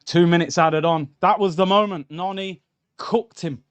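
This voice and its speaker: A young man, voice sitting a bit high, streaming a live football watchalong. He reacts indignantly and talks straight to his viewers, calling them lads and bro. The voice is close and clear on a streaming mic. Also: normal speed. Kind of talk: live match watchalong commentary.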